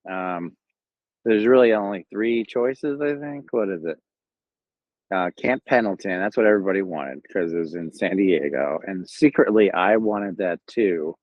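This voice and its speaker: A man's voice: low-pitched, no echo. A man from Southern California with a Southern Californian accent, casually telling his own story in a rambling, laid-back way with lots of fillers and restarts. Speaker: Marine Corps veteran telling his story. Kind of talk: casual first-person storytelling. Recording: dull lo-fi, dry sound.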